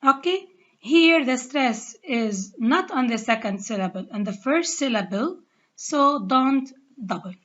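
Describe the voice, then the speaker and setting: This Lebanese woman teaches an English grammar lesson slowly and deliberately, repeating each rule step by step and spelling out the letters. Her voice sits high with lively intonation and a fairly bright tone, heard through a dull lo-fi recording.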